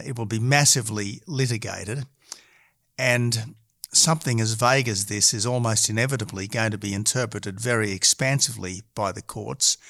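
Middle-aged Australian male politician, measured and argumentative, halting delivery, dry close sound, average pitch. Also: vocal fry, a bit bright, dry recording. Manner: measured and argumentative, frequent hesitations. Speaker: politician guest. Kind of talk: political interview.

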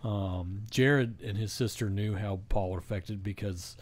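A man hosting a casual podcast chat, relaxed and reflective, chiming in with laughs. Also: fairly low pitch, measured pace.

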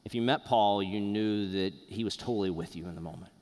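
A man preaching a sermon in a church, earnest and conversational, with pauses. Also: fairly low pitch, darkish tone, in a large hall. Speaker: pastor. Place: church sanctuary.

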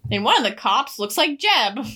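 A woman co-hosts a casual podcast, and her voice is bright and forward. She recaps a story in an animated, rambling way and laughs often between the plot points. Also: fairly high pitch, moderate pace. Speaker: podcast co-host. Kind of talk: casual book recap chat.

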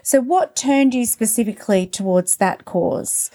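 A woman's voice: a little high, expressive, a little slow, dark tone. A woman hosting an interview, asking attentive, direct questions. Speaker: interviewer and podcast host. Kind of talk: interview questions and scripted narration.

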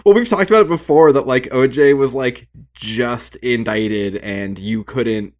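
A man co-hosting a podcast in casual chat, joking around and breaking into mimicry. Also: measured pace. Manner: jokey, mimics lines in a high squeal. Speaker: podcast co-host.

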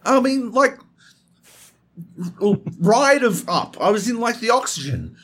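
A man's voice: extremely high pitch, sing-song, slow pace, a bit bright, breathy edge, voice pushed up, heavily acted. A man mimicking a clueless young male gamer who rambles and hesitates, lost for words. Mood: flustered.

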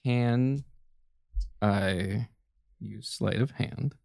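A man's voice: on the low side, very slow, vocal fry, a little mellow, dry recording, clean studio sound. A man playing a tabletop game, joking and laughing with his friends. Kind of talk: casual tabletop game banter.

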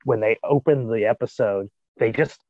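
A man co-hosts a podcast in a relaxed, rambling way, working his thoughts out as he speaks. His mid-range voice is recorded dry, with a slightly dull, lo-fi edge. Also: medium pitch, normal speed, no room sound. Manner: rambling, thinks aloud. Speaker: podcast co-host. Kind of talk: casual chat.

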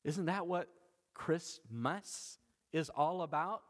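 Pastor guy preaching, bouncy up and down voice, chatty and animated, keeps laughing. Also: mid-range voice, normal speed. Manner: animated and conversational, laughs often. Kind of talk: sermon.

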